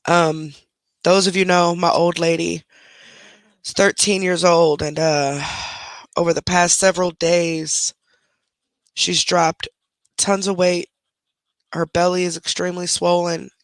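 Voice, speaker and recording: Gravelly low-voiced woman chatting on a stream. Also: little pitch movement, a little slow, pauses often, no echo. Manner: chatty, keeps breaking off to scold her dog. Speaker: livestream host. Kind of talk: casual live-stream chat. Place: at home, indoors. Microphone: desk microphone close up.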